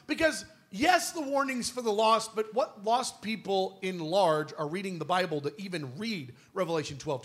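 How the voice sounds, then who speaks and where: A man's voice: sits high, pushed and bright. A man preaching a sermon in a conversational, emphatic way, firing off rhetorical questions.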